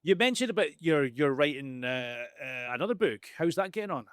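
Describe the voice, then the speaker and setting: A man hosting a podcast, his questions coming out loose and halting, with repeated words and an "isn't it?" at the end. His voice sits at an ordinary middle pitch. The recording is dry and close to the mic. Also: lively intonation, a bit bright, no echo. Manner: hesitant, repeats words, uses tag questions. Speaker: podcast host. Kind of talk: casual interview chat.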